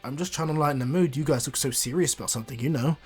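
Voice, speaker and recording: An upbeat, joking young male ninja, voiced by a man in a casual fan-told story. He talks in a chatty, friendly way at an ordinary middle pitch. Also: rapid-fire, slightly rough, faint music behind, natural voice.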